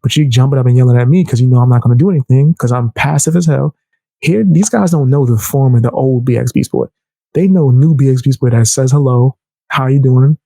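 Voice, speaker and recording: A young man telling a heated personal story in casual, animated speech, raising his voice to act out the people he quotes. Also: mid-range voice, fairly quick, vocal fry, no echo. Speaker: storyteller vlogger.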